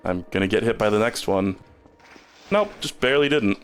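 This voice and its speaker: A man's voice: on the low side, lively intonation, normal speed, soft background music. A man streaming a game, rambling in casual commentary and stumbling over repeated words when he gets stuck.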